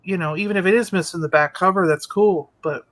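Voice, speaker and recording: A man chatting casually on a show, telling an animated story and acting out the quotes. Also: high voice, fairly quick. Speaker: podcast co-host. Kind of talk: casual chat.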